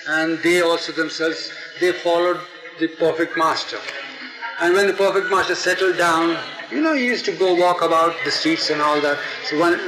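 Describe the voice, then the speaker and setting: Man telling a story, echoey old tape. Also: a little high. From India. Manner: animated, digressive, acts out the quotes. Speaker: storyteller, interviewee. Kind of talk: oral history storytelling. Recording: echoey archival tape with music.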